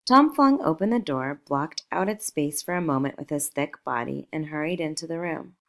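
A woman narrating a novel aloud in a measured, expressive storytelling manner. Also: deep voice. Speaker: audiobook narrator.

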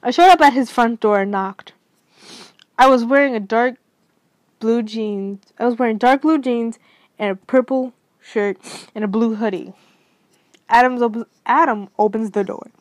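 A young woman with a slightly high voice reads her homemade story aloud. She stumbles and restarts often, keeping an unpolished, casual read. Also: no room sound, low-quality recording. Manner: halting, frequent restarts and slips. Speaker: fan fiction reader.

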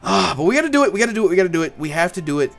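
Animated, profane male gaming commentator. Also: high voice, very fast, vocal fry, faint music behind. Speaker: gaming YouTuber. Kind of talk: let's play commentary.

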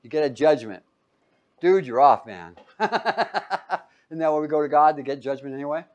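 A man preaching a Bible-teaching sermon, reading verses loudly and pausing for his listeners to call out the missing word. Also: on the high side, expressive. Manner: quizzing listeners with fill-in-the-blank questions; emphatic, loud when reading scripture aloud.

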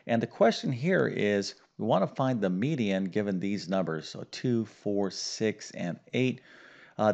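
A middle-aged male math teacher with a gravelly, somewhat low voice. He explains things emphatically and stays upbeat. The audio sounds dull and lo-fi. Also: a little mellow. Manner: emphatic, upbeat teacher talk with many okays and fillers. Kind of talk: online math lesson.

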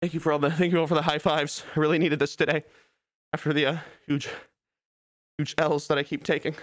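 A man's voice: on the high side, fairly even intonation, fairly quick, fairly bright tone, dry recording, studio quality. Breathless joking young man streamer. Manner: joking, rambling, self-mocking. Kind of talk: casual livestream chat.

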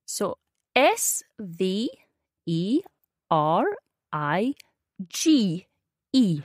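A Swedish woman with a Swedish accent teaching her native language, encouraging the learner and saying words clearly for him to copy. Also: mid-range voice, big pitch swings, very slow, no room sound, studio quality. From Sweden. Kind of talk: conversational language lesson.

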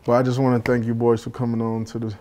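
A man's voice: medium pitch, completely flat delivery, quick pace, mellow, slight background noise. A man in his thirties hosting a casual chat with friends, talking in a laid-back, slangy way and swearing freely. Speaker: talk show host.

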